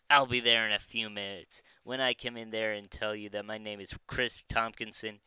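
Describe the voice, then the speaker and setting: A man voicing an angry young male caller making loud, aggressive threats. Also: fairly low pitch, clear, resonant tone, dry recording, rough recording.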